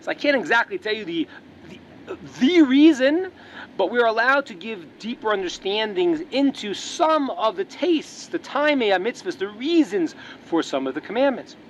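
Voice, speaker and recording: Animated, high-voiced rabbi. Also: male voice, normal speed, slight background noise. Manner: animated storyteller, repeats words as he restarts. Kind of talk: religious lesson with a parable.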